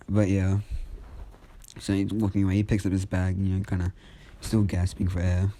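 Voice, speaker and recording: Low, mellow-voiced man rambling a story. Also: little pitch movement, moderate pace, a little hiss or hum. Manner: rambling, full of fillers and restarts. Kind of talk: casual fan story retelling.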